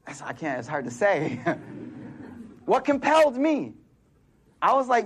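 A man's voice: fairly high pitch, big pitch swings, moderate pace, long pauses, slight background noise. A man in his forties preaching a sermon in casual street slang, telling stories and acting out the people in them. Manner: casual street slang, storytelling with quoted voices.

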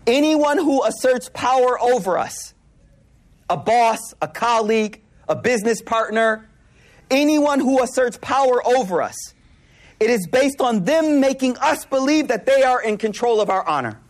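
Lively, slangy male preacher telling stories. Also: very high voice, normal speed. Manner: casual slang, repeats words and restarts; animated, laughing while telling stories. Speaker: Islamic speaker. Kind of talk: storytelling sermon to a live audience.

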